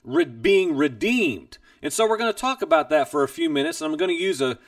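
A man's voice: high voice, sing-song, a little fast, gravelly, no echo, clean studio sound. A man hosting a Bible teaching program, sharing a personal testimony in an earnest, emphatic way, recorded a little distant from the mic.

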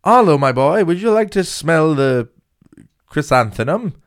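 A man's voice: a little high, expressive, a little slow, clean tone, voice pushed up. Man doing a prim little boy. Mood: polite. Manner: plummy, overly polite.

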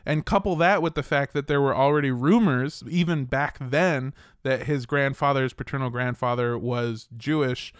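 A man's voice: mid-range voice, normal speed, hardly any pauses, clean tone, no echo, clean studio sound. A young man hosting a comedic history podcast, telling events casually, joking and swearing, sometimes slipping into mocking voices. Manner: joking, profane, slips into mock voices. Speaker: podcast host.

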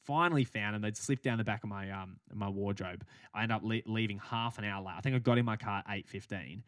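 Talking fast in a lowish, slightly bright voice, a young Australian man co-hosting a podcast rambles through a story in casual chat, swearing casually and laughing. There's no room sound.

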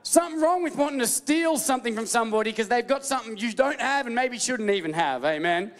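A man with a very high voice delivers an animated, playful sermon, calling out to his congregation for replies. His words ring out with the long reverb of a large hall. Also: quick pace. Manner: animated, playful preaching with call-and-response and mock voices. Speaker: pastor.

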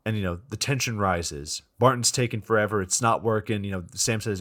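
A man's voice: on the low side, fairly quick, hardly any pauses, a bit bright. A man casually recapping a bad movie for a podcast, swearing freely and acting out the characters' lines. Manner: profane, storytelling with quoted voices. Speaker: podcast co-host recapping a film.

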